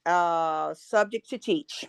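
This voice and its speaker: A woman hosts a podcast and runs through a speed round of questions with upbeat encouragement. Her voice sits a little low, and the recording is dry and close. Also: takes it slowly, vocal fry, clear, resonant tone, no room sound. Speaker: podcast host. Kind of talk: casual podcast interview.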